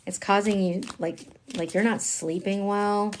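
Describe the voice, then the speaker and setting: Slow-talking chatty tarot reader woman. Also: medium pitch, slight background noise. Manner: chatty, emphatic, slangy, swings between hushed and excited. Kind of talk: live-streamed tarot reading.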